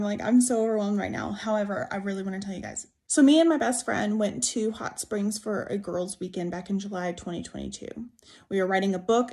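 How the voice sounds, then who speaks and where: A woman's voice: mid-range voice, a little mellow. A young woman earnestly narrating a ghost story as a storytime, chatty and full of fillers. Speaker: storyteller in a played clip.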